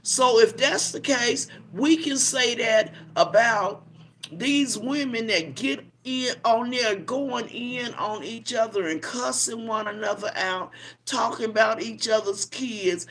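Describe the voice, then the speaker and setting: An older woman, a grandmother, hosting a casual livestream and lecturing viewers in a preachy, scolding way with drawn-out emphasis. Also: fairly high pitch, a bit bright. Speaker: livestream host.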